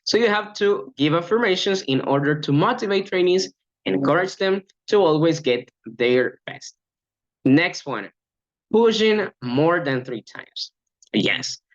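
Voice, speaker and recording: A man's voice: on the high side, lo-fi sound. A man training language coaches in an upbeat lecture, acting out short classroom examples.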